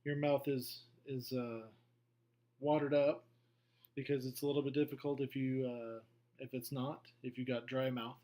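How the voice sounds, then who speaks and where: A middle-aged man teaching a beginner language lesson, going slowly through a worksheet, patient and repetitive with frequent okays. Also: mid-range voice, level tone, warm tone. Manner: slow, patient, repeats himself with many okays. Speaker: French teacher. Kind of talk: classroom lesson walkthrough.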